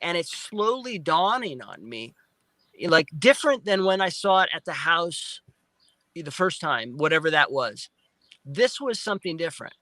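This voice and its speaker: A male guest on a live interview recounting a personal experience in animated storytelling, restarting and repeating words often and acting out his own remembered speech. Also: a little high, moderate pace, dry recording, low-quality recording. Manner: excited retelling with frequent restarts and repeated words; acts out his own past speech in quotes. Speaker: guest, film producer.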